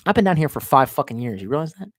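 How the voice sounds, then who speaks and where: A man from the States streaming from his home basement, his pitch swinging widely as he rants. He swears freely, argues with himself, and bursts into yells, with a dry, close sound. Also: very animated, very fast, no room sound. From United States. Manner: profane, ranting, talks to himself, sudden yells. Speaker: live streamer reading chat. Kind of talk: profane rambling stream chat.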